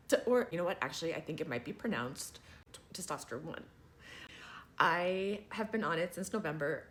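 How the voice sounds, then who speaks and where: A man's voice: sits high, a bit bright, slight background noise. A trans man chatting casually to his viewers, rambling and wry and laughing often. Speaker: vlogger. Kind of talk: casual chat to camera.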